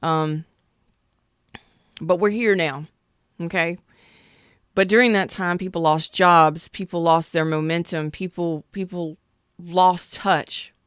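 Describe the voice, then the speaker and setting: A woman's voice: fairly low pitch, steady tone, takes it slowly, long pauses, clean tone, no room sound, studio quality. A woman in her thirties giving a casual tarot reading, blunt and emphatic, swearing freely. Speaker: tarot reader.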